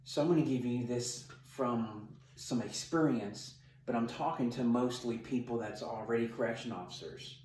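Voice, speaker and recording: Speaking at a normal speed with few pauses, this middle-aged corrections sergeant has a mid-range, darkish voice as he delivers tough, emphatic training instruction to camera. The recording sounds roomy, with the mic placed at a distance.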